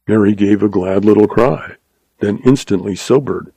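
Gravelly male western narrator. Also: lowish voice, normal speed, no room sound, poor audio. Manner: steady, dramatic storytelling.

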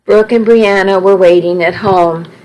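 A woman's voice: medium pitch, fairly even intonation, measured pace, a little mellow, poor audio. A woman reading a first-person story aloud with earnest, emotional storytelling. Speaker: audiobook narrator. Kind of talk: first-person scripted narration.

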